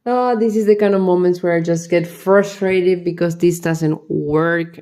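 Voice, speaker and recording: A woman's voice: on the low side, steady tone, a little slow, hardly any pauses, dark tone. A tired woman vlogger talking to herself as she builds a model kit, muttering the same questions over and over. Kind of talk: casual talk while building.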